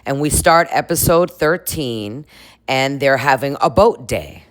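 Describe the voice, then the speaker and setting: A woman with an unusually deep voice talks her viewers through a reality show recap. Her delivery swoops and bounces with lively pitch. She laughs often, swears casually and keeps it chatty. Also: unhurried.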